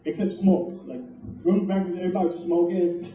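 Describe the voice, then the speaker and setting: A high-pitched man works a comedy club crowd, swearing freely and riffing with the audience. He's caught from a distance, and the room rings with echo. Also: fast. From Puerto Rico heritage, New York. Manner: profane, animated, talks to the crowd. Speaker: stand-up comedian. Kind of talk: stand-up comedy set. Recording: echoey club from far off.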